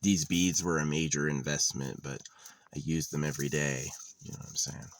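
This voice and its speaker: A man's voice: extremely low pitch, steady tone, normal speed. A man in his thirties vlogging in a meandering, sardonic monologue, swearing casually as he goes. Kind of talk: rambling monologue. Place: lives in a van.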